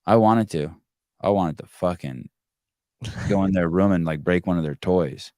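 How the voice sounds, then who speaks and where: A man's voice: low-pitched, moderate pace, darkish tone, no room sound, clean studio sound. A man in his forties hosting a call-in podcast, telling blunt, profane stories in casual chat. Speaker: podcast host.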